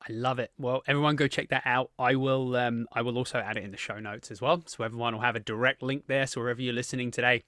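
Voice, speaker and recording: Bright, dry-sounding English male podcast host, friendly and chatty. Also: medium pitch, steady tone, quick pace, hardly any pauses, dry recording. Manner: friendly, chatty, filler-heavy. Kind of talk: casual interview chat.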